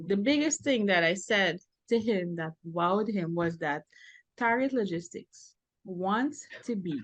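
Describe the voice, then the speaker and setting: A woman from Guyana, a business owner answering interview questions in a frank, animated way, often stressing her words. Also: a little high, no echo. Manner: animated and frank, laughing now and then, stressing key words. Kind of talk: earnest conversational interview answers.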